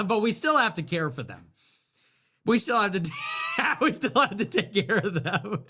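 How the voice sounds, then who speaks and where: A man hosting a livestream, rambling sarcastically, laughing often, swearing and dropping into low mutters. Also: animated, unhurried, sharp tone. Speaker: livestream host. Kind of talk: casual livestream commentary.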